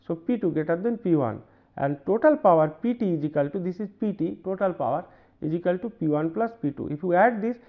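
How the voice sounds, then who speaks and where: High-voiced Indian lecturer, phone-like sound. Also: male voice, lively intonation, a little fast. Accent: Indian English. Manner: hesitant, repeats himself, many fillers and "right?" checks. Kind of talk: university lecture, working through circuit examples. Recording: narrow phone-like band.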